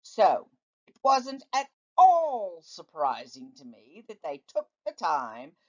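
In a muffled, lo-fi recording, a teacher reads a children's book to her listeners. Her mid-range voice moves slowly and expressively through the story.

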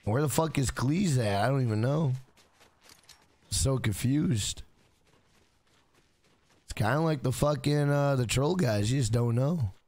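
Gravelly, profane man gaming streamer. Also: mid-range voice, a little slow, long pauses, darkish tone, no room sound. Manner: profane, joking, chatty with chat. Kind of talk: casual gaming livestream chat.

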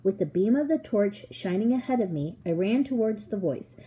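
A woman reading a children's novel aloud in an expressive, measured way. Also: mid-range voice, low-quality recording. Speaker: audiobook reader. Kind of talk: storybook narration.

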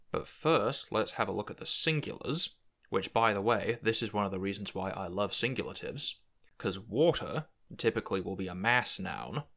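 A man's voice: lowish voice, creaky, a bit bright. A man hosting a language-building tutorial, thinking aloud as he works through word forms. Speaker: conlang video host. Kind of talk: screen-recorded tutorial narration.

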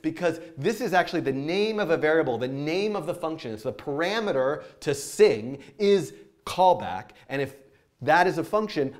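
Man teaching code, chatty and self-interrupting. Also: a little high. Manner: chatty and self-interrupting, with frequent fillers and laughs. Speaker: programming teacher. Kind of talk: live-streamed coding tutorial.

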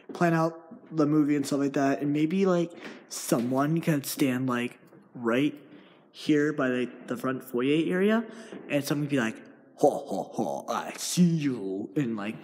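A young man vlogging while walking through an empty house, rambling with many fillers and restarts. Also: medium pitch. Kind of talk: casual vlog. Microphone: handheld device.

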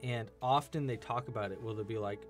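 A man's voice: on the low side, a little fast, faint music behind. Goofy Californian man chatting while crocheting. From Southern California. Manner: goofy, laughing, chatty with viewers, puts on silly voices. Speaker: crochet livestream host. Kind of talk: casual livestream chat while crocheting.

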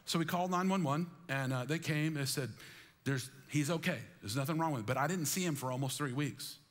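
A man preaching a sermon with high energy, calling on the congregation to join in and repeating phrases for emphasis. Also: fairly quick. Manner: energetic, calls on the congregation to respond. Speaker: pastor. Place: church sanctuary.

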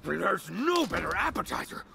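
An actor playing a bloodthirsty, boastful enemy general in a video game, taunting and gloating. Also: male voice, high-pitched, very animated, normal speed, vocal fry, noisy background, full character voice.

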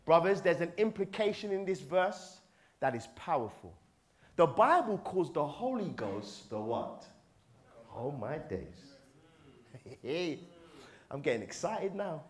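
A middle-aged man preaching a passionate sermon to a men's gathering, dropping low and quiet, then rising to shouts. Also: very animated, slow pace, pauses often.

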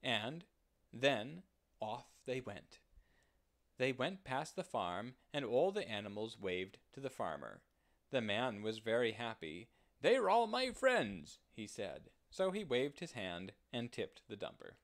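A man reading a children's picture book aloud slowly and gently, with expressive phrasing. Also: mid-range voice. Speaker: storyteller. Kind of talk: children's storybook read-aloud.

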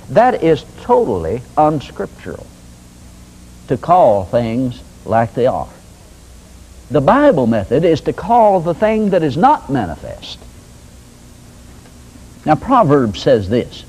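An older man with a drawl preaches in a relaxed, homespun manner. His voice is slightly raspy and sits a bit high, with a lively, rising and falling delivery. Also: low-quality recording. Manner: folksy, conversational preaching with homespun examples. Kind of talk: sermon teaching.

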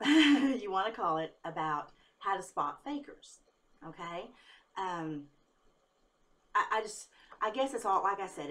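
A woman's voice: lowish voice, fairly bright tone. A tired woman talking straight to camera as a psychic vlogger, rambling and candid, laughing often and swearing when angry. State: tired after a workday. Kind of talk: casual talk to camera.

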